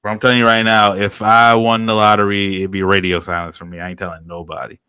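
A young man co-hosting a casual podcast chat, slangy and laid-back, often trailing off into a low mumble. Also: little pitch movement, quick pace, bright, forceful tone, smooth, dry recording. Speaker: podcast co-host.

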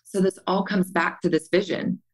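A woman's voice: on the low side, normal speed, rough recording. A middle-aged woman on a podcast, earnestly telling her story and acting out the voices in it. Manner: earnest and animated, acts out quotes. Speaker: podcast guest. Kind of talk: candid storytelling conversation.

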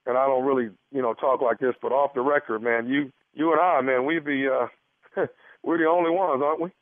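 Man playing a smarmy stammering doctor on a prank call, dry phone-line voice, middle pitch. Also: steady tone, a little fast, no echo, natural voice. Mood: sly. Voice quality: stammering, sly, suggestive. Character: smarmy male doctor prank-calling a husband. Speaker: prank caller. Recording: phone-like band-limited sound.

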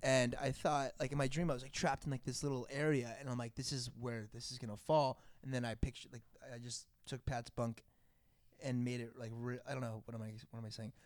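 Fast-talking young man, rambling. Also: medium pitch, flat delivery, dry recording, clean studio sound. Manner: rambling, self-correcting. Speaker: podcast co-host. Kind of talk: casual chat.

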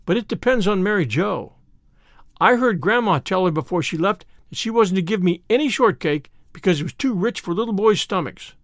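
A man's voice: sits high, lively intonation, fairly quick, no room sound, clean studio sound. A man reading an earnest little boy. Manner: polite, old-fashioned, earnest talk.

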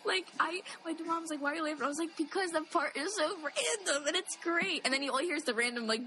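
A woman chatting casually about a movie, giggly and animated, acting out lines. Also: high voice, fast, a little hiss or hum.

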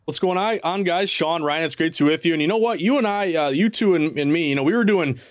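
A man talking as a sports betting analyst guest in quick, energetic, chatty sports betting banter. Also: on the high side, dry recording, muffled recording. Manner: fast, energetic, chatty delivery. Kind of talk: casual sports betting talk.

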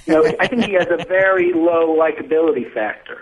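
A man's voice: on the high side, brisk. A man calling into a podcast, speaking in an earnest, friendly way. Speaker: caller. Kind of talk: casual phone call. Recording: phone line with faint hiss.

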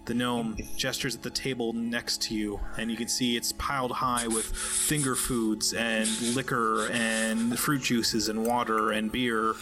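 A man narrating a tabletop role-playing game as game master, describing scenes with frequent pauses and fillers. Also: medium pitch, flat delivery, music in the background. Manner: halting narration with many fillers.

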